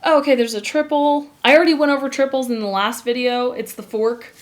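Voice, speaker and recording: A woman teaching a grammar lesson with upbeat, animated energy and quick bursts of excitement. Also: sits high. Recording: echoey room.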